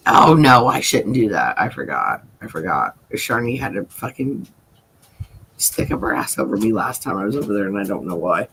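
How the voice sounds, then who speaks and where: A woman's voice: extremely low pitch, sing-song, normal speed, vocal fry, a bit bright, slight background noise, low-quality recording. A woman hosting a casual livestream chat from home, rambling, swearing and laughing a lot. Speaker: livestream host. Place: at home, seated.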